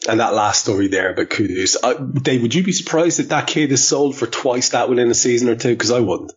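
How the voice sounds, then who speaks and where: A man's voice: mid-range voice, a little fast, slightly rough. A man co-hosting a football podcast, talking casually with lots of ums and uhs. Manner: hesitant, many fillers. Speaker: podcast co-host.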